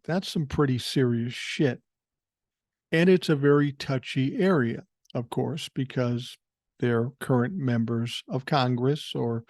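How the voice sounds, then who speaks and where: Older man, podcast host, blunt and profane, middle pitch, dry close sound. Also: darkish tone, dry recording. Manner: blunt, profane, opinionated, thinking aloud with fillers. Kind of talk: casual political commentary, reading listener emails.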